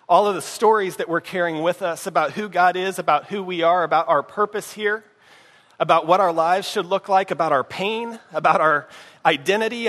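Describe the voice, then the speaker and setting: Man, pastor, sermon, a little high-pitched, long church reverb, hushed asides, checks in with listeners.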